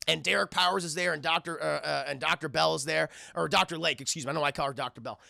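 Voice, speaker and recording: A man's voice: a little high, quick pace, gravelly, bright, forceful tone, no room sound, clean studio sound. A man reviewing a cartoon on a live stream, rambling and profane and constantly addressing his chat. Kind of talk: live-stream episode recap.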